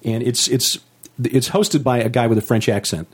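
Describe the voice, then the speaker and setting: A man co-hosting a casual podcast chat, speaking in a measured, hesitant way with frequent pauses. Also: mid-range voice, breathy edge. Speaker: podcast co-host.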